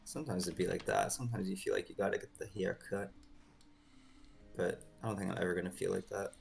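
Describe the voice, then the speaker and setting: A man's voice: low voice, fairly even intonation, quick pace, vocal fry. A man, a game developer co-host, chatting casually with dry jokes. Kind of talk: casual chat while working.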